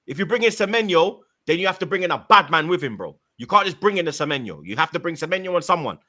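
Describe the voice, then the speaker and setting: Forceful, bright-voiced man. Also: on the high side, sing-song, quick pace. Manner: emphatic, heavy slang and swearing. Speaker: podcast guest pundit. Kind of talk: casual football chat.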